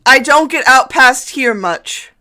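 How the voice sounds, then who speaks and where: A woman voicing a fretful, gushing male half-elf priest who stammers and exclaims in a high, excited voice. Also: slow pace, full character voice. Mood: flustered. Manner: flustered, stammering, breathy exclamations.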